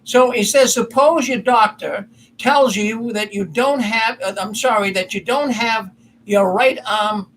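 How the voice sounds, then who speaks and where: Man, high-pitched, casual monologue, folksy storyteller, slight background hiss. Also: a little slow, fairly bright tone, poor audio. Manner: rambling, folksy, self-correcting storyteller. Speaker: commentary host.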